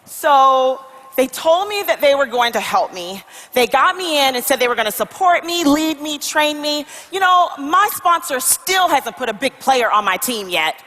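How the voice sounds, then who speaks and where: A woman plays a weary traveler who talks in halting, confessional bursts of self-doubt. Her voice is high and bright, and a long reverb trails after it in this motivational comedy skit. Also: lively intonation. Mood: hesitant.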